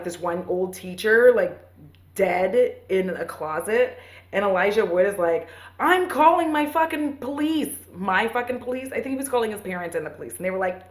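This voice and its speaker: A woman in her thirties casually retelling a movie for a podcast, rambling and profane, with playful asides and quick voices for the characters. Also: mid-range voice. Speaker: podcast host. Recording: roomy echo.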